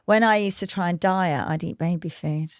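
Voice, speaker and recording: A woman's voice: fairly low pitch, moderate pace, dry recording, studio quality. A woman in her thirties co-hosting a podcast, chatting casually and reading out listener messages. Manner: chatty, reads listener messages aloud with bursts of laughter. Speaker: podcast co-host. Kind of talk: casual chat.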